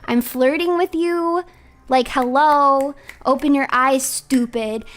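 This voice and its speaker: A bratty young woman, played by a female streamer, whines and hurls insults at the man she has a crush on. Her voice sits high, and soft music plays faintly underneath. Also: slow. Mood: frustrated.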